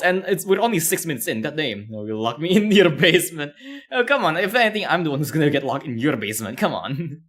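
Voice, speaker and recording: A man's voice: mid-range voice, a bit bright. A man streaming casually, commenting on a video with rambling talk full of fillers and laughs.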